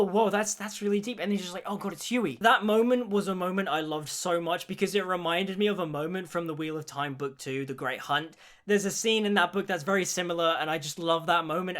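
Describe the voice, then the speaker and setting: A man's voice: sits high, fairly bright tone. A young man giving an enthusiastic spoken review of a TV series, gushing with praise. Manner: gushing, repeats "genuinely". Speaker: show reviewer.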